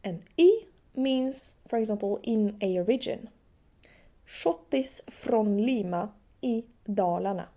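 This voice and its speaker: A woman teaches pronunciation at an unhurried, deliberate pace. Her voice sits at a middling pitch, and she carefully sounds out each word as an example. Swedish is not her first language. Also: expressive, mellow. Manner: slow, careful demonstration of pronunciation. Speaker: folk music teacher. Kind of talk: language lesson.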